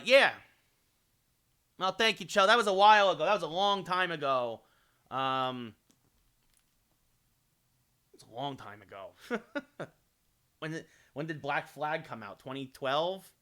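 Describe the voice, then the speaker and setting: A streamer with a slightly high, smooth voice chats with his livestream viewers while playing a hockey video game. He's chatty, then switches into excited play-by-play calls of the action.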